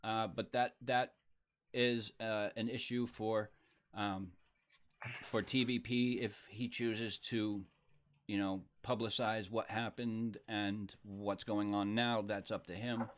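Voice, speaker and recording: A man hosting a casual live stream, chatting loosely and reading viewer comments out loud. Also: fairly low pitch, steady tone, slow. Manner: laid-back, reads viewer comments aloud.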